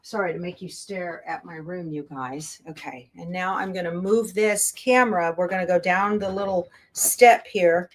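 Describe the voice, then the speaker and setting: Speaking in a lowish voice at normal speed with few pauses, this quilting show host tidies her craft room while chatting to viewers and herself. Now and then she gets out of breath, and the audio comes through earbuds.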